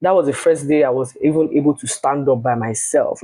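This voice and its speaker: Blunt husky Nigerian woman storyteller. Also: very deep voice, fairly quick, no room sound, low-quality recording. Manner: blunt, animated, swears freely. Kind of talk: casual personal storytelling.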